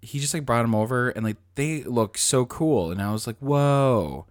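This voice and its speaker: A man co-hosting a podcast in casual chat, telling stories animatedly, laughing often and slipping into squeaky put-on voices. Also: moderate pace, no room sound, clean studio sound. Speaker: podcast co-host.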